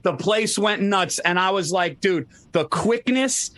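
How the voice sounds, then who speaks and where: A man hosting a casual chat over a video call, retelling stories with animated energy, swearing and saying dude a lot. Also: high voice, unhurried. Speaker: podcast host.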